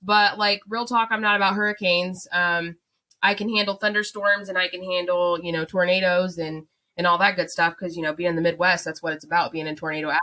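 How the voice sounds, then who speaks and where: Kentucky-accented woman, fast, bright, casual podcast chat. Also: lowish voice, fairly even intonation, low-quality recording. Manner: chatty, laughing, Southern turns of phrase. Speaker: podcast co-host.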